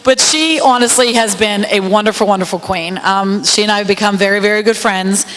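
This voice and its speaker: A woman's voice: mid-range voice, brisk, a bit bright, in a large hall, slight background noise, poor audio. A woman emceeing a county fair queen contest, telling a rambling, laughing story. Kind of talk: storytelling at a podium. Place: outdoor fair stage with PA system.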